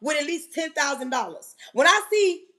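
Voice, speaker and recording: Woman livestream host, high-pitched, preachy and emphatic, scolding rant. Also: big pitch swings, moderate pace, sharp tone.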